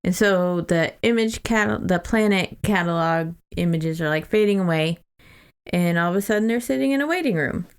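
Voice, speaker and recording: Woman podcast co-host, young adult, low gravelly voice, casual plot recap. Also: moderate pace. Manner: chatty, summarizing a plot with loose quoted asides. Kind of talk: casual book-club chat.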